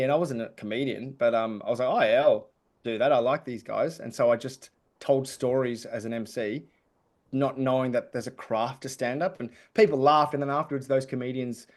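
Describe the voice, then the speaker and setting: A man's voice: medium pitch, a little mellow. A man, a comedian guest on a podcast, telling stories in a chatty, jokey way. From Australia. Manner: chatty storytelling with jokey asides. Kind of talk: casual podcast interview.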